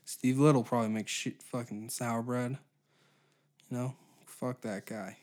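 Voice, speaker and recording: A man's voice: mid-range voice, steady tone, unhurried, darkish tone. A man in his twenties hosting a solo comedy podcast, ranting profanely and sarcastically. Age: 20s. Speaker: podcast host.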